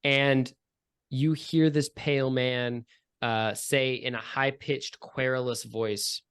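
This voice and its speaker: A man narrates as game master of a tabletop game, drifting through his descriptions with fillers and jokey asides. His voice sits at an ordinary middle pitch. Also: steady tone, slow, a bit bright, clean tone. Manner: loose, rambling descriptions with many fillers.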